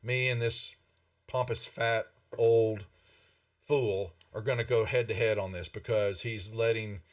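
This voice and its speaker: A man voicing a gruff, indignant middle-aged male knight who blusters and curses, recorded from a distant mic. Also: lowish voice, fairly even intonation, measured pace, natural voice. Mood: troubled. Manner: blustering, cursing.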